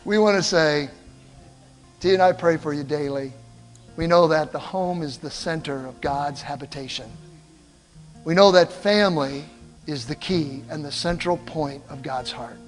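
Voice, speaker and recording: An older man preaching a sermon, telling stories in an animated way and calling out to the congregation. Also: a little high, unhurried, in a large hall, faint music behind. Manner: animated storytelling, calls out to the congregation. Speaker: pastor. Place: church.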